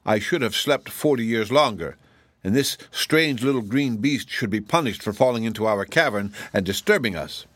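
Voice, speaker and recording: A man's voice: lowish voice, expressive, moderate pace, fairly bright tone, no room sound. A man voicing an old, sleepy mother dragon who grumbles and complains about being woken. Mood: grumbling. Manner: grumbling and fussy.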